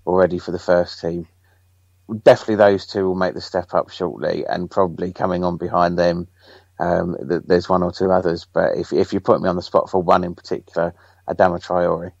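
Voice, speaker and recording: Male interview guest, very deep gravelly voice, dry muffled lo-fi sound. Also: little pitch movement, fairly quick, a little mellow, no room sound. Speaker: guest football writer. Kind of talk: pre-recorded interview. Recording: dull dry lo-fi line.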